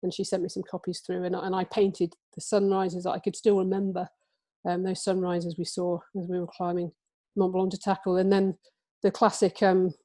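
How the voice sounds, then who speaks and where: A woman in her forties from England talks about her book to a listening audience, halting often with fillers and restarts. Her voice is mellow and fairly flat in pitch. The sound is dry and close. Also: no room sound. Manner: hesitant, many fillers and restarts. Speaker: author giving a book talk. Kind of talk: illustrated talk with book reading.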